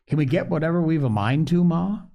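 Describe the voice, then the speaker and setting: A man reading a storybook aloud, voicing an excitable, impulsive young boy in a raised, urgent voice. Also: a little high, a little fast, gravelly, voice pushed up. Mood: excited.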